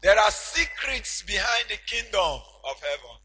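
A man preaching a sermon as pastor, slow and emphatic, with sudden shouted peaks. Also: high-pitched, very animated, breathy edge, rough recording.

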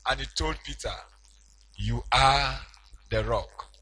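Slow, emphatic, husky-voiced male preacher. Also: medium pitch, rough recording. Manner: slow, emphatic preaching with sudden shouted peaks. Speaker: pastor. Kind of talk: sermon.

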